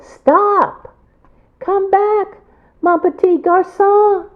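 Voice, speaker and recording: A kind, humble old baker who speaks gently and softly, as a woman storyteller reads him. His voice rises and falls with lively pitch over a tinny, phone-like line. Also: measured pace, full character voice. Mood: amazed. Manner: gentle, soft-spoken.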